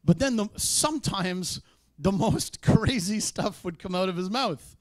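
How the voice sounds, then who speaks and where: A man preaching a sermon in a church, conversational in tone, with sudden loud emphatic peaks. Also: high-pitched, animated, unhurried, dry recording. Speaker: pastor.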